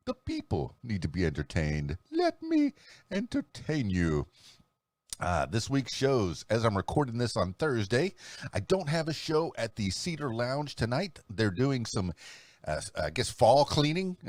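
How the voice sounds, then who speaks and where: A man's voice: on the low side, dry recording. A middle-aged man, hosting his own podcast in a chatty, self-amused way. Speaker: podcast host and DJ. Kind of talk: casual solo podcast talk.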